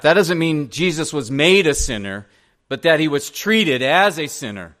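A man's voice: mid-range voice, lively intonation, moderate pace, a bit bright. A male pastor preaching a sermon in a church, earnestly pressing direct questions on the congregation.

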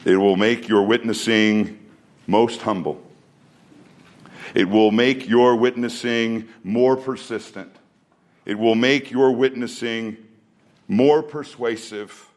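A man's voice: medium pitch, fairly even intonation, takes it slowly, long pauses. A man preaching a sermon, earnest and emphatic, who repeats phrases for weight. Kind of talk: sermon with scripture reading.

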